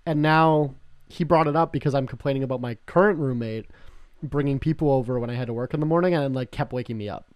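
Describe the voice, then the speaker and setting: A man's voice: medium pitch, quick pace, a little mellow, no room sound. A young man from Canada co-hosting a podcast, talking in a rambling, profane way with many restarts. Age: young adult. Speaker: podcast co-host. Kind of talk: casual chat.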